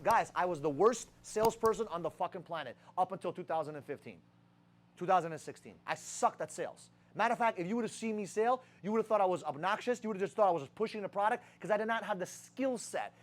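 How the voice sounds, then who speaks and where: A young man leading a sales team, giving a profane motivational talk full of rhetorical questions. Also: high voice. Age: young adult. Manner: rhetorical questions, heavy swearing.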